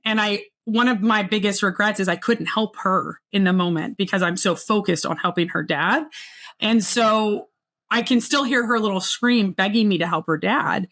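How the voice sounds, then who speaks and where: A woman's voice: mid-range voice, a bit bright. Earnest woman telling a personal story. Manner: earnest, reflective, slows down at painful moments. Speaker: guest. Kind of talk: personal storytelling in a podcast interview.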